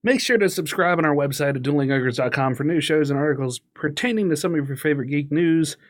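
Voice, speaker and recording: A man's voice: on the high side, fast talker. A man co-hosting a casual podcast, chatty and upbeat, who laughs easily. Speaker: podcast co-host. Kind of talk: casual chat.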